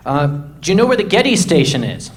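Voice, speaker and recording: A man's voice: a little high, sing-song, fairly quick, slight background noise. A man voicing a vague, unhelpful man on the phone who hums and hesitates over directions. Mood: puzzled. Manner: hesitant, musing.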